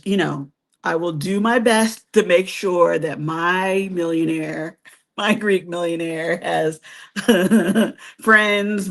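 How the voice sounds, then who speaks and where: A woman hosts a live stream in an unhurried, leisurely way. Her voice sits a little low. She chats casually with viewers, laughs often and pokes fun at herself. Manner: chatty, laughs often, self-teasing. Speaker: host of a cruise travel channel.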